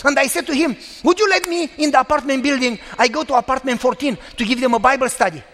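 A man's voice: very high-pitched, fast talker, a bit bright, long reverb tail. A preacher voicing an earnest woman churchgoer who speaks in a raised, pleading way. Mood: excited.

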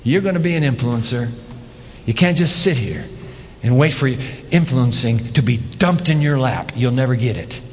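A man preaching a sermon as pastor, animated, with rhetorical questions and emphatic repetition. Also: mid-range voice, normal speed, in a large hall.

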